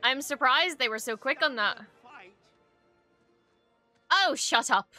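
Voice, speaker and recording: A young adult woman giving casual reaction commentary at her home streaming desk, excitable and gushing, swearing freely. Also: sits high, takes it slowly, soft background music.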